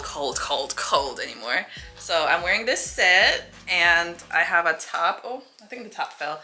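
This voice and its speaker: A woman's voice: lowish voice, sharp tone. A woman talking casually to her viewers in a day-in-the-life vlog, recorded on a phone while out and about. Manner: chatty, addresses viewers as y'all, laughs often. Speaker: vlogger. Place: car and home, on the go.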